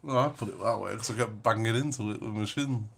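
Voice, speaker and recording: A man's voice: lowish voice, quick pace, gravelly, slightly rough. Joking Lancashire man chatting while baking. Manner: joking, cheeky banter. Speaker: channel co-host. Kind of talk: casual live-stream chat.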